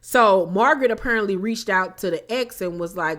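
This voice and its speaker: A young woman talks through a reality show episode as a casual recap. She is blunt, sassy and quick to curse, at a mid pitch. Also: fairly bright tone.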